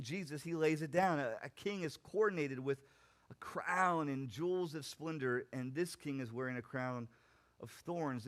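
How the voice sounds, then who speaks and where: A young man preaching a sermon as pastor, swinging from loud emphatic points to quiet, low asides, with a few restarts. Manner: animated preaching, rising loud then dropping quiet.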